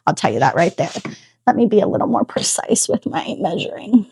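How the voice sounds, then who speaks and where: With a medium-pitched, sing-song voice that's fairly quick, creaky and mellow with a breathy edge, a woman vlogs while detailing a car outside in her driveway. She talks casually to a phone camera on a tripod, sassy and ready to go off on a rant.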